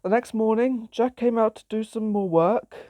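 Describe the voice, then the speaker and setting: A woman's voice: a little high, moderate pace, mellow, no room sound. A woman reading her own story aloud in a plain, simple storytelling way.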